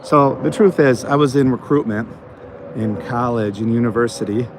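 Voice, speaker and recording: This channel host is an American man recovering from a cold, wandering an outdoor botanical garden in the evening for a casual vlog. He speaks at a moderate pace in a mid-range voice, telling meandering stories packed with fillers, and the background is noisy.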